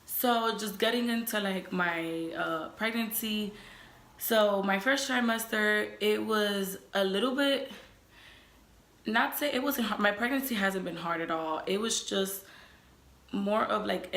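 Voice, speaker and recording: A woman's voice: mid-range voice, fairly bright tone. Chatty young woman in an echoey room. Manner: chatty, fills talk with "like" and "you know". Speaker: vlogger. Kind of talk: casual storytelling.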